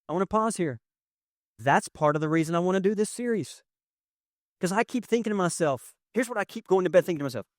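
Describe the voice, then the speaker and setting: A young man preaching a sermon as pastor, conversational and emotional, swinging from loud to hushed. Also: high voice, expressive, quick pace, no echo, studio quality. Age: young adult. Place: church sanctuary with audience.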